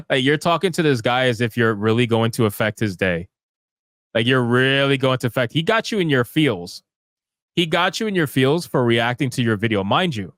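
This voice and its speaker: Male streamer ranting with sarcasm, middle pitch, dry sound. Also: fairly bright tone, no echo. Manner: sarcastic, ranting, rhetorical questions. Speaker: streamer commentator. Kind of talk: live commentary reading tweets.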